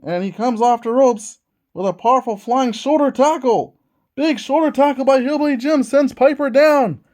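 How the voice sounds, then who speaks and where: A man hosting a tabletop wrestling game and calling it like a ring announcer. He narrates every move as it happens, with plenty of excitement. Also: extremely high pitch, moderate pace. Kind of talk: wrestling play-by-play commentary.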